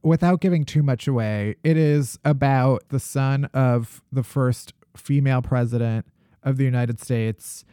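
A man's voice: mid-range voice, unhurried, warm tone, clear, resonant tone, no echo. Guy cohosting a podcast, jokey and self-deprecating, dry studio mic. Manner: playful, self-mocking. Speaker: podcast co-host. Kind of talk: casual chat.

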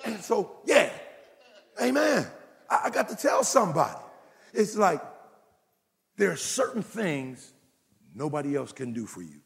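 A man preaching a sermon as pastor, emphatic and building to shouts, in a church. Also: mid-range voice, gravelly. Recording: long hall reverb.

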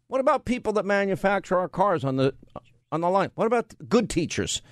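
High-voiced and expressive, this radio host talks a little fast through a conservative monologue full of rhetorical questions and back-and-forth with his crew. The sound is dry, captured on a studio mic.

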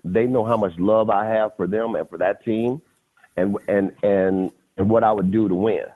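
A middle-aged man telling a story as a podcast guest, animated and slangy, often addressing the host by name. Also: on the low side, normal speed. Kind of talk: casual storytelling. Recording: tinny phone-like audio.

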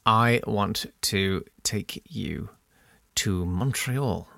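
A man's voice: fairly low pitch, extremely slow, creaky, fairly bright tone, dry recording. A man co-hosting a comedy podcast, telling history stories in a theatrical, giggly way. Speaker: podcast co-host. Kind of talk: comic history storytelling.

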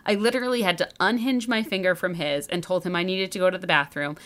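A woman's voice: lowish voice, fairly even intonation, fast talker, fairly bright tone. A woman from Chicago, a podcast host telling a dating story in chatty casual talk full of "like" fillers. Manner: chatty, lots of "like" fillers and laughter.

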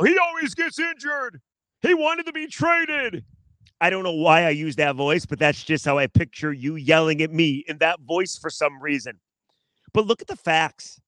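A man hosts a sports talk show in a sarcastic monologue, mocking himself and speaking right to his listeners. His voice sits a little high for a man. The sound is dry and close, with little room around it. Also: fairly bright tone, no room sound. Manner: sarcastic, self-mocking, talks straight to listeners. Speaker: sports radio host. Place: outdoors in his backyard.

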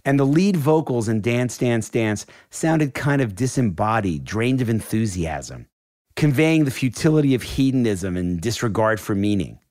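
A man giving scripted documentary narration in a measured, explanatory way. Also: mid-range voice, expressive, darkish tone, dry recording, studio quality.

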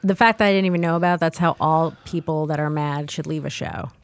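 Deadpan woman comic, dry close sound. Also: low voice, brisk, gravelly, no echo. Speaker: comedian guest. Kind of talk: casual interview chat.

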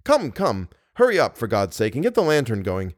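A man voicing a jittery young hunter who stammers and turns sharp and brusque. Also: mid-range voice, wildly swooping pitch, normal speed, no room sound. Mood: tense.

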